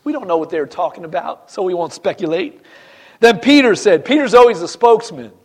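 A middle-aged male pastor preaching a sermon, reading scripture dramatically with swings between loud and hushed delivery. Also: high-pitched, expressive, a little fast.

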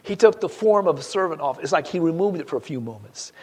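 A middle-aged male pastor preaching a sermon, reading scripture dramatically with swings between loud and hushed delivery. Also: a little high, animated, fast, slightly rough.

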